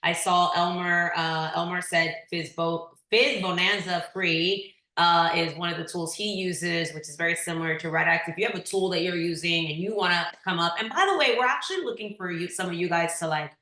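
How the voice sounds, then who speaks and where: A woman hosting a webinar, speaking in an upbeat, quick and inviting way as she opens the floor to questions. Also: on the low side, sharp tone, reverberant. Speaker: webinar host. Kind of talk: casual hosting on a video call.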